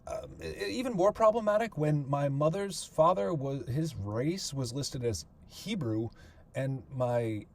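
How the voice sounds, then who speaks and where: With a fairly high pitch and lively intonation, a middle-aged podcast host and author speaks a little slowly while telling his family's history. It's conversational, with fillers and restarts as he thinks out loud.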